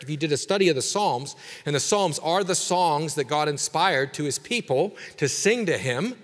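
A man pastor preaching a sermon with emphatic delivery, dropping quiet and then rising to forceful exhortation. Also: fairly high pitch, big-room sound.

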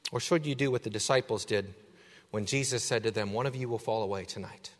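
A pastor preaching a sermon, swinging from hushed asides to loud, driving emphasis. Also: male voice, fairly low pitch, a little fast. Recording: hall reverb.

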